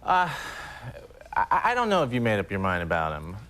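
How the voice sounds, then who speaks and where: Animated storytelling male comedian. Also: on the low side, fairly quick, clear, resonant tone. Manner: animated storytelling, slips into voices. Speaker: comedian guest. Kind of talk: late-night talk show chat.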